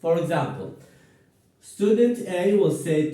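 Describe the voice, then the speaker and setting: A man teaching a grammar lesson to a class, slow and encouraging, repeating words for students to echo. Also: on the high side, sing-song, mellow. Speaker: English teacher. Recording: echoey room, voice far from mic.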